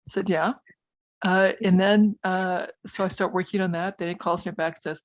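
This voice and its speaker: A woman's voice: on the low side, steady tone, normal speed, no echo, dull audio. A middle-aged woman, a physician and guest in a conversational interview, talking hesitantly with many fillers and restarts.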